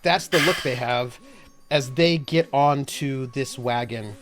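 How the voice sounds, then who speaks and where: A man narrating as game master of a tabletop horror game, setting scenes slowly with fillers. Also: medium pitch, a bit bright, soft background music.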